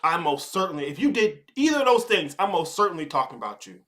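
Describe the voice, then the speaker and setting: A young man hosts a live advice show in a casual, profane monologue. His voice sits high and bright. He is blunt and mocking and keeps slipping into quick impressions of the people he criticizes. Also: big pitch swings. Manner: blunt, swearing, mocking, mimics others in quick asides.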